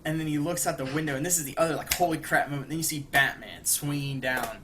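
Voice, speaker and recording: A man's voice: a little high, fast. A young man chats in a loose, rambling way, recapping a cartoon plot with plenty of fillers. He slips into brief quoted lines for the characters. There is a faint hiss of noise behind him. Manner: rambling, acts out quoted lines with animated bursts. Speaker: podcast co-host. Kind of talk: casual chat, retelling an episode.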